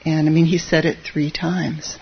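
Zen teacher, dharma talk, conversational, chuckling asides, mid pitch, muffled lo-fi sound. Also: flat delivery, moderate pace, vocal fry, husky.

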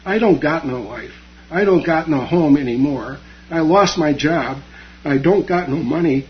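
A man's voice: fairly high pitch, unhurried, natural voice. A man voicing a burly, drunken laborer who roars and bellows, in a muffled recording. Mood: sobbing. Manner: roaring, bellowing. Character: big burly drunk male laborer, belligerent.

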